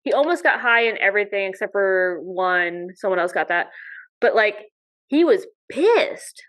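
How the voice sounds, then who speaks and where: A woman of ordinary pitch chats on a podcast, spinning animated stories about competing and dropping the odd swear word. Her delivery swings between quick bursts and slower, drawn-out stretches. The talk is loose and casual. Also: rough recording. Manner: animated storyteller, mild swearing. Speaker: podcast guest, dog sport competitor.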